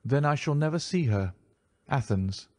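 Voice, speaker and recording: A man's voice: mid-range voice, expressive, moderate pace, darkish tone, no echo, natural voice. A starved Greek prisoner who answers in short, defiant bursts, as a male narrator puts him on. His voice sits a little above the reader's own, and the recording is dry and close. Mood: desperate. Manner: curt, defiant replies.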